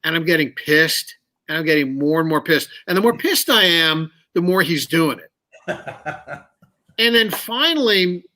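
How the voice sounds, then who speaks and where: A man telling candid stories as an interview guest, animated and swearing freely. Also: sits high. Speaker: guest musician. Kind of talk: casual storytelling.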